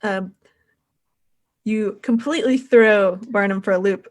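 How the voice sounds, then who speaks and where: A woman's voice: medium pitch, measured pace, pauses often. A woman narrating as game master of a tabletop game, rambling with many fillers.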